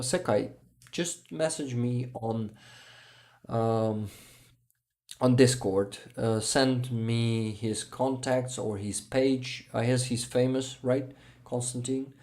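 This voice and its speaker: Tired male streamer, mellow low-key voice with gravel, reading chat in a halting way. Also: fairly even intonation. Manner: hesitant, halting, full of restarts, with soft chuckles. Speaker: livestream host. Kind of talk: casual livestream chat, reading viewer comments.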